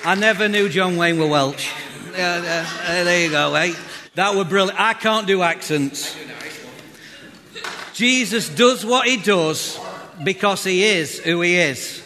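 A man's voice: high-pitched, a little slow, a crowd in the background. A man preaching a sermon as pastor, chatty and joking with the congregation. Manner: chatty, jokey, talks straight to the congregation. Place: church hall. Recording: reverberant hall.

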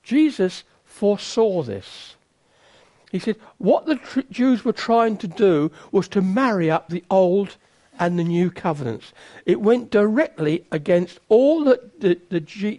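A preacher giving a sermon in a chatty, self-mocking manner. His voice is high and swings widely in pitch, full of lively emphasis. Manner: conversational, self-mocking, teasing asides.

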